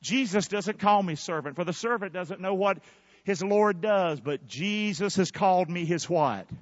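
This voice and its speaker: A man preaching a sermon, calling on his congregation to answer back and bursting out loudly before drawing words out for emphasis. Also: high voice, no room sound, highs cut off. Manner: preaching with sudden loud bursts and drawn-out emphasis. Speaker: pastor. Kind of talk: fiery sermon with call-and-response.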